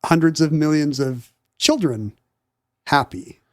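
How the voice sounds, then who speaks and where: A man's voice: fairly high pitch, unhurried, a little mellow, dry recording. Wry man, dry close sound. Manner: wry, bookish, riffing. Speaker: podcast co-host. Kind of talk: casual chat.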